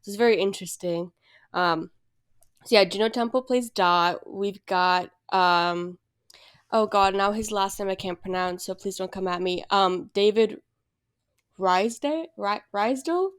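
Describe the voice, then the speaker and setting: Young female podcast co-host, clear smooth voice, casual rambling chat with filler words. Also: medium pitch, fairly even intonation, a little slow. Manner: rambling, frequent fillers and self-deprecating asides.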